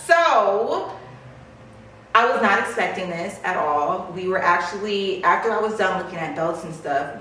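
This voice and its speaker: A woman's voice: lowish voice, far from the mic, slight background noise. Gushing, squealing woman in an echoey room. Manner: gushing, swearing, squealing with excitement. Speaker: luxury vlogger. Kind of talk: excited unboxing vlog.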